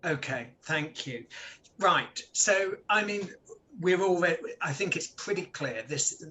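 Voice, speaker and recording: A man's voice: a little high, sharp tone. A man hosting a health discussion, asking questions conversationally with some hesitations. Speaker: show host. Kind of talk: hosting a health talk show.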